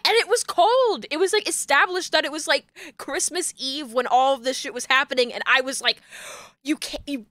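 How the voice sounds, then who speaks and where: A young woman streamer in casual chat, ranting excitedly and laughing, with bursts of shouting. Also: high voice, normal speed, dry recording.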